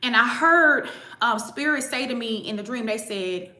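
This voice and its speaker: A woman's voice: a little high, expressive, moderate pace, bright, forceful tone. A woman hosting a spiritual channel, telling a personal story in a chatty, emphatic way and speaking straight to her viewers. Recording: echoey room.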